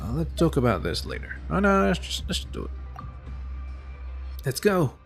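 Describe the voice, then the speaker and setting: A man's voice: on the high side, very animated, moderate pace, gravelly, soft background music. A man chatting and joking while playing a video game, swearing freely. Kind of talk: casual let's-play commentary.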